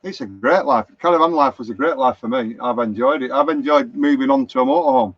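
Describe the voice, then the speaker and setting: A man's voice: mid-range voice, very animated, brisk, creaky, no room sound. Chatty Lancashire man, dull lo-fi stream. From Lancashire, England. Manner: chatty, anecdotal, reads out viewer comments. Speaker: motorhome vlogger. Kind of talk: rambling live-stream chat. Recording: dull lo-fi live stream, dry.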